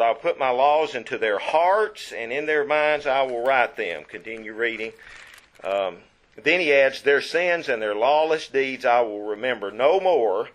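Man preaching in church, medium-pitched voice, reads verses aloud, asks the crowd questions, goes quiet then punchy. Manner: reads scripture aloud and quizzes the congregation; swings from hushed to emphatic. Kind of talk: sermon.

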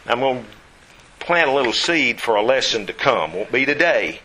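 Bright-voiced man teaching a Bible class. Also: mid-range voice, very animated, normal speed, low-quality recording. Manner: emphatic, repeats points, asks rhetorical questions. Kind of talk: Bible study lecture.

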